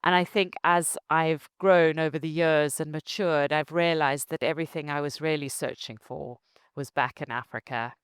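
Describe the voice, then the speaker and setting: A middle-aged woman from Zimbabwe with a Zimbabwean accent, a company founder telling her story in an interview, animated and laughing often. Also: deep voice, moderate pace, clear, resonant tone, no echo.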